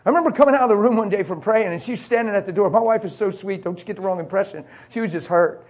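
A man's voice: sits high, quick pace, darkish tone. A middle-aged man preaching, telling an emotional personal testimony in a confessional way. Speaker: pastor.

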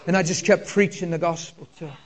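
A male pastor, preaching a sermon in a conversational style and telling personal stories with deep emotion. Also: steady tone, fast talker.

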